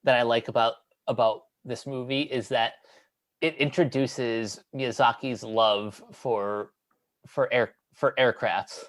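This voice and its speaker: A man's voice: mid-range voice, steady tone, slow pace, a bit bright. A man co-hosting a casual chat, often repeating words as he starts his sentences. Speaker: podcast co-host.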